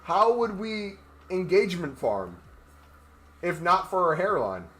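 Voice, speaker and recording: A man's voice: high voice, very animated, unhurried, a bit bright. Rambling, joking male gaming streamer. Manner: talking while walking on a walking pad. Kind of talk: casual livestream chat while playing.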